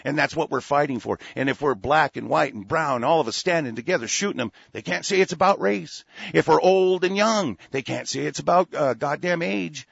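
A man's voice: a little high, expressive, brisk, vocal fry, hardly any pauses, husky, dry recording, highs cut off. A man hosting a talk radio show, delivering a rambling, profane, heated monologue.

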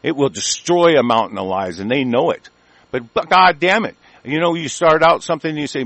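A man's voice: a little high, lively intonation, fairly quick, a bit bright, no echo. A man from the United States ranting as a talk radio host, angry and profane, with frequent stammered restarts.

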